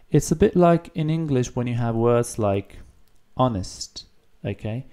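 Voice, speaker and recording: A man's voice: medium pitch, measured pace, few pauses, dark tone. Patient man teaching a language lesson. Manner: explains patiently, repeats words for practice. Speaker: Italian teacher.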